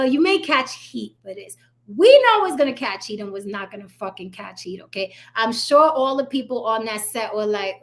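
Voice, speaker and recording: On her own commentary channel, a woman with a slightly high voice rants bluntly and sarcastically. She swears freely and speaks directly to her viewers.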